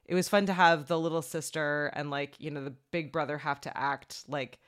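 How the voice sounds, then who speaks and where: A mid-pitched co-host talking through a movie in casual chat. The speech wanders, with constant filler words and restarts. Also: steady tone, moderate pace, a bit bright, clean tone. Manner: rambling, many "like" and "um" fillers. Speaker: podcast co-host.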